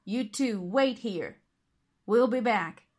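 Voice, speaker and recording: A woman voicing a weak, sorrowful father in a storybook reading, gentle and regretful. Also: on the high side, lively intonation, slow.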